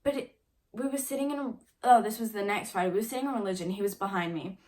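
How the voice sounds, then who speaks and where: A young woman in her late teens telling a story on her own vlog, casual and chatty, filling every pause with "like" and swearing now and then. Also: mid-range voice, a little mellow. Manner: chatty, filler-heavy with constant "like"; swears casually while retelling. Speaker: vlogger.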